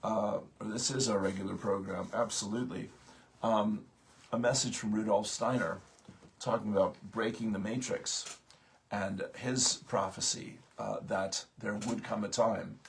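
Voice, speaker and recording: Gravelly low-voiced man, halting delivery. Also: steady tone, slight background noise. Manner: halting, many fillers and restarts. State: just out of bed. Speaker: host of a morning spiritual program. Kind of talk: casual spiritual talk.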